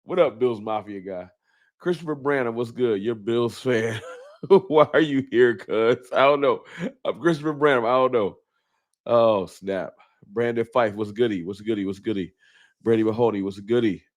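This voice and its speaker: A man's voice: medium pitch, normal speed. A man hosting a live stream in a casual, laughing way, greeting viewers by name while his nose is stuffed up from a cold. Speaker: livestream host.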